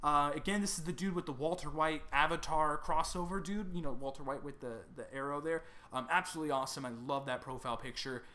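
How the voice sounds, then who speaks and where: A man's voice: fairly high pitch, quick pace, hardly any pauses, sharp tone. A young man, a YouTuber, reading out and thanking his subscribers in a casual vlog, stumbling over names and apologizing.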